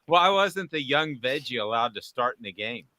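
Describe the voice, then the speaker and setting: A man's voice: mid-range voice, animated, moderate pace, pushed and bright. A man hosting a casual sports panel, telling corny puns and ribbing his co-hosts. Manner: jokey, tells corny bean puns. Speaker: sports show host.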